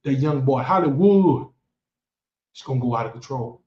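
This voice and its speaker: A man's voice: medium pitch, expressive, moderate pace, mellow. A man giving boastful, taunting football commentary as a fan vlogger. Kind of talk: trash-talking football commentary. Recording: echoey room, dull lo-fi sound.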